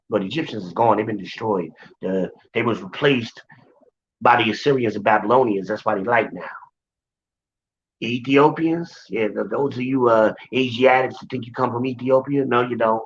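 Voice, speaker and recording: A Bible teacher with a medium-pitched voice speaks at a moderate pace over a faint hiss or hum. He teaches scripture informally and emphatically, repeating his points and addressing listeners directly, all on a dull lo-fi recording.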